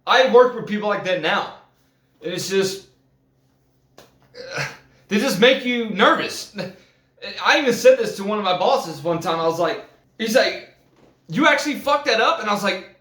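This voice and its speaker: A man ranting casually to the camera, heated and swearing, with many halting restarts. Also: high voice, lively intonation, fairly bright tone. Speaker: vlogger. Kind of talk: casual profane rant. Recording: roomy echo.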